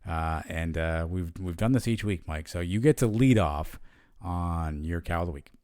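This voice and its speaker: A man co-hosts a sports podcast in a casual, chatty way, full of fillers and restarts. His voice is low and smooth. It sounds close and dry, with no room around it. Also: moderate pace, darkish tone, dry recording. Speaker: podcast co-host.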